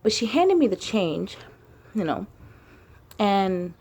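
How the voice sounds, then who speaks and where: A woman's voice: mid-range voice, very animated, takes it slowly, long pauses, a little mellow, slightly rough. A woman talking casually to camera in a rambling spiritual vlog, full of fillers like "like" and "you know" and casual swearing. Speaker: spiritual vlogger.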